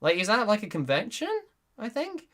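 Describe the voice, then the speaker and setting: A young man hosts a relaxed livestream Q&A, reading chat messages aloud. His voice sits a little high and sounds bright and forward. He giggles often and rambles, restarting his sentences as he goes. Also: normal speed. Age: young adult. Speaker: YouTuber and voice actor hosting a Q&A.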